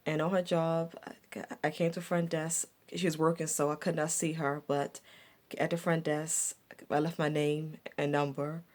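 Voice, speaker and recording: Low-voiced woman telling a life story. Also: flat delivery, normal speed, a little mellow. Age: adult looking back on her younger years. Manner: reflective, repeats herself with stumbling restarts. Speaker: vlogger. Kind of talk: personal storytelling vlog.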